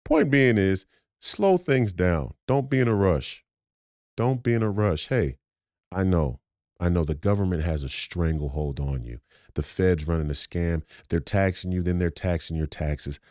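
A man's voice: low voice, dark tone, no echo, clean studio sound. A man hosting a podcast, giving a blunt, profane, confrontational monologue that repeats phrases for emphasis. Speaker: podcast host.

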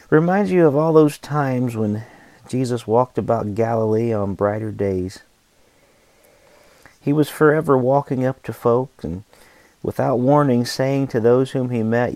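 A man reads a reflective devotional passage with a measured, emphatic delivery and deliberate pauses. His voice is warm and mellow, with a gravelly texture. The sound is dry and close. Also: medium pitch, dry recording. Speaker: podcast host reading a book excerpt.

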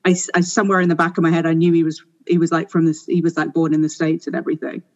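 A woman co-hosting a podcast, chatty with quick asides. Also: deep voice, flat delivery, dull audio. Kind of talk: casual chat.

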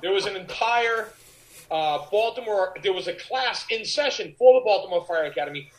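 A middle-aged man, an actor guest, telling animated anecdotes in an interview and acting out the voices of the people in them. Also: high voice, normal speed, rough recording. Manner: animated, acts out quoted voices. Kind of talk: anecdotal storytelling.

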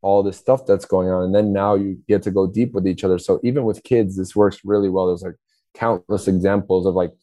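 Low, mellow-voiced man explaining. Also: steady tone, fairly quick, dry recording. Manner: explains by acting out dialogue, many restarts. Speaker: podcast guest. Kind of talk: casual interview talk.

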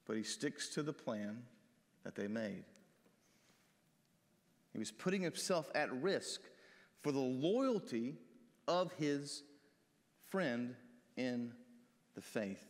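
A man's voice: medium pitch, animated, takes it slowly, pauses often. A man preaching a sermon in a church, explaining Bible verses in a conversational way and asking the congregation questions. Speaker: pastor. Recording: long reverb of a large hall.

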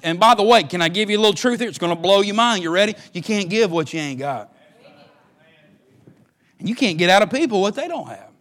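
Preacher, very high voice, folksy, repeats and restarts his phrases. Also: lively intonation, fairly quick, a bit bright. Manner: folksy, repetitive, stammering restarts. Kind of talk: sermon.

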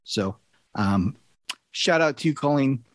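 A man's voice: mid-range voice, lively intonation, slow, no room sound. A middle-aged man, a podcast host, chatting casually and telling an earnest story.

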